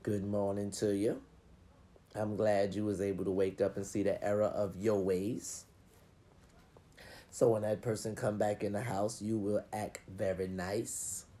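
With a lowish, level, mellow voice and a slightly slow pace, a man gives listeners a casual, profane pep talk. He swears freely and acts out grumbling inner voices.

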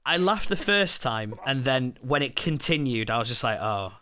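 A man's voice: mid-range voice, animated, crowd noise. A man co-hosting a casual film podcast, often restarting his sentences as he talks. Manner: halting, repeats words when starting. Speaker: podcast co-host. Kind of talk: casual film review chat.

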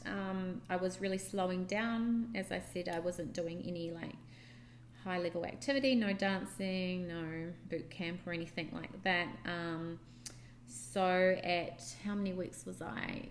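A woman's voice: on the low side, fairly even intonation, a little slow, a little hiss or hum. Chatty young woman telling a story. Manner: chatty, rambling with many fillers. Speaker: podcast co-host. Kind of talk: casual storytelling chat.

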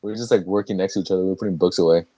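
A man's voice: low voice, steady tone, very fast, dark tone, husky, no room sound. A young man hosting a podcast, chatting casually, rambling with restarts and laughing often. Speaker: podcast host. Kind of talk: casual chat.

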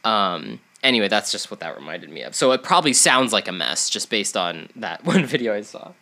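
A man's voice: fairly low pitch, big pitch swings, a little fast, pushed and bright. A young man with a stuffy nose co-hosting a podcast, rambling in casual chat with many fillers and restarts. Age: young adult. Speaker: podcast co-host.

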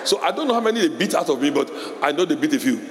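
A middle-aged man preaching a sermon as pastor, animated, laughing often and shouting in a high voice when quoting parents. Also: racing, crowd noise. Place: church hall. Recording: echoey hall with long reverb.

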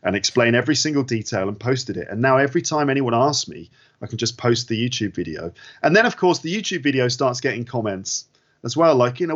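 A man tells anecdotes in a quick, wry way, slipping into voices to quote others. His pitch is mid-range. The sound is a little dull and lo-fi. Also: animated. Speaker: podcast guest and teacher. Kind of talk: casual storytelling chat. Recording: slightly dull lo-fi audio.

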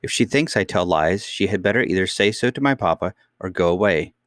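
A man voicing a young princess who speaks quietly and firmly in an audiobook reading. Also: deep voice, animated, brisk, no room sound, studio quality. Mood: calm, firm. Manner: quiet, dignified, stubbornly composed. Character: young girl princess, calm and firm.

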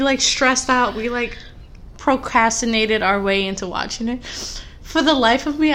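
A young woman co-hosting a podcast in casual chat, telling animated, rambling stories full of fillers. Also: a little high. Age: young adult. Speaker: podcast co-host.

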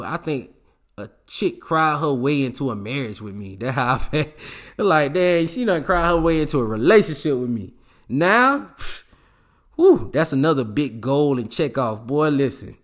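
A man's voice: on the high side, animated, moderate pace, fairly bright tone. A man talking in a casual monologue, giving blunt, slangy relationship advice with emphatic delivery. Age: adult with a child.

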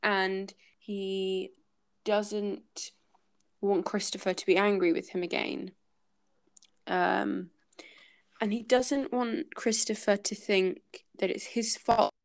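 A woman's voice: mid-range voice, fairly even intonation, takes it slowly, creaky. A woman hosting a casual book-club podcast, thinking aloud and hesitating with many fillers as she talks through a chapter.

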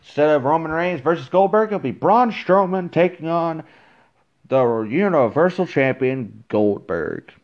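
A man's voice: fairly high pitch, expressive, unhurried, highs cut off. A man giving a casual, frustrated opinion rant as a wrestling fan, full of fillers and restarts, recorded on his phone.

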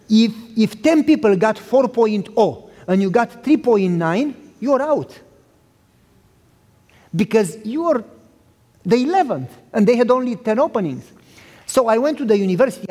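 A man with an accent preaching a storytelling sermon, animated and addressing the listeners directly. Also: sits high. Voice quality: accented speech. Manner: animated, acts out dialogue, talks directly to the listeners. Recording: reverberant hall.

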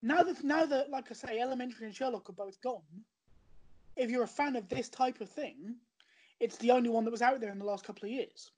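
A woman's voice: a little high, brisk, darkish tone, slightly rough. A woman chatting in a rambling way about a show she recommends, often restarting her sentences. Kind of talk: casual podcast chat.

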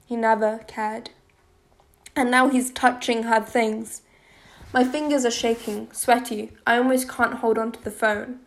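A woman narrates a first-person audiobook with intimate, emotionally charged delivery. Her voice sits fairly high. Its melody stays narrow and contained. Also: creaky.

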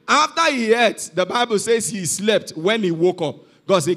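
A man's voice: high voice, animated, normal speed, a bit bright. A man preaching a sermon to a youth conference, emphatic and repeating his calls to the congregation. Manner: emphatic, repeats "you are not hearing me". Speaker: pastor. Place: church hall.

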